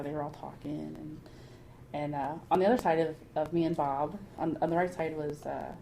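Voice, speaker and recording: A woman telling lively rambling anecdotes in a casual podcast interview, laughing often. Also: sits low, poor audio. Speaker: guest artist. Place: anime convention. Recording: convention crowd noise behind.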